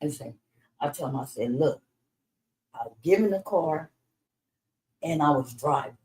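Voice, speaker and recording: Animated, profane middle-aged woman storyteller. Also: sits low, unhurried, low-quality recording. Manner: animated, profane, acts out the voices of the people in her story. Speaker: interview guest. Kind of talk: casual storytelling interview.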